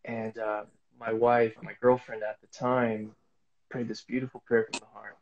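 A man's voice: fairly low pitch, little pitch movement, moderate pace, lo-fi sound. A man speaking as a guest, telling a casual faith testimony in a rambling way with many fillers and restarts.

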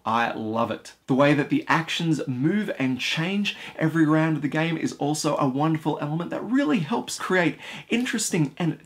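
A man hosting a board game channel, explaining rules and giving an enthusiastic, chatty review straight to the viewers. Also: a little high.

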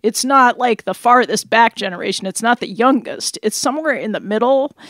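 A woman's voice: on the high side, fairly quick, a bit bright, no echo, studio quality. A woman co-hosting a radio chat show, teasing her partner in playful banter. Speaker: radio co-host. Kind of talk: casual chat. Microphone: studio headphones and mic.

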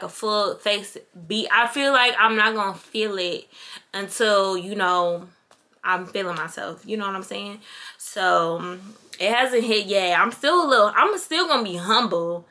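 Bright-voiced chatty young woman vlogging. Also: medium pitch. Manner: chatty and candid, addresses viewers as "girl" and "y'all". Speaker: beauty vlogger. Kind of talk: casual Q&A vlog talk.

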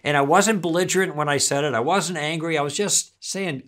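A man's voice: a little high, a little fast, hardly any pauses. A middle-aged man giving a recorded church teaching, telling stories and acting out both sides of a conversation. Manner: animated storytelling, acting out dialogue.

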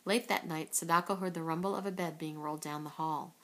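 A woman's voice: sits low, a little fast. Woman reading a children's book aloud. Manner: steady, with occasional slips and self-corrections. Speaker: reader.

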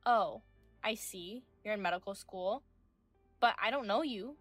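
A woman's voice: medium pitch, unhurried, no echo, faint music behind. A woman in her thirties narrating as a wronged wife, speaking firmly and with indignation in a scripted audio drama. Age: 30s. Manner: firm, indignant questioning.

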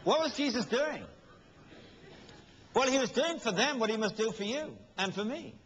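A man's voice: very high-pitched, lively intonation, moderate pace, fairly bright tone, a little hiss or hum. A man preaching a sermon with emphasis, asking rhetorical questions and acting out quotes with humor. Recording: dull lo-fi recording with long hall reverb.

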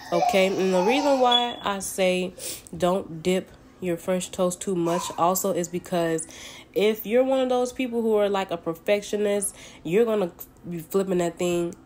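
A Southern woman with a Southern accent chats casually as a home cook, walking viewers through a cooking tutorial in her kitchen. Her mid-range voice is a little mellow at a moderate pace, with a little hiss or hum behind it, and she's folksy and friendly, calling viewers honey and baby.

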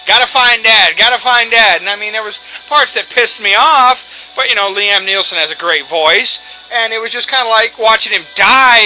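A man's voice: high voice, sharp tone, low-quality recording. A man hosting a let's play, talking casually over gameplay and going off on profane, rambling rants. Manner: rambling, profane, ranting asides. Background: faint video game music.

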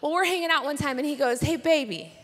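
High-voiced woman preaching in a big hall. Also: rapid-fire, a bit bright. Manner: playful, chatty storytelling with asides to the crowd. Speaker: conference speaker. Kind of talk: sermon. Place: large conference hall. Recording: reverberant conference hall.

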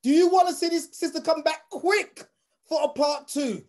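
A man's voice: very high-pitched, normal speed, a little mellow. A man hosting a live online talk, addressing his audience in a rousing, preacher-like way over a video call. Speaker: host. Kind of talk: energetic live show hosting.

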